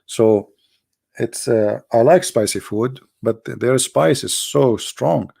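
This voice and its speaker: Creaky-voiced man hosting a livestream. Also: medium pitch, takes it slowly. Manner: animated storyteller in non-native broken English. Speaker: livestream host. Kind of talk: casual livestream chat.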